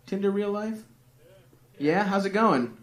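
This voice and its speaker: A stand-up comedian on a comedy club stage, his voice sitting high, expressive and unhurried, rambles through profane, self-deprecating crowd work. The live recording carries crowd noise.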